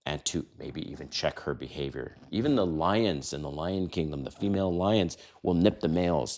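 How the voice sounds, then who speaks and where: A man in his fifties hosting a dating advice talk, brash and emphatic, who swears and acts out quoted lines in a higher voice. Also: normal speed, few pauses, darkish tone. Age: 50s. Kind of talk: casual talking-head advice monologue.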